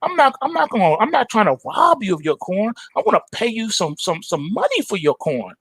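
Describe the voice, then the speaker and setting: A man's voice: sits high, wildly swooping pitch, brisk, fairly bright tone, breathy edge, no echo, voice pushed up, exaggerated voice. A man voicing a big male tiger who talks in swaggering street slang. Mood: smooth-talking.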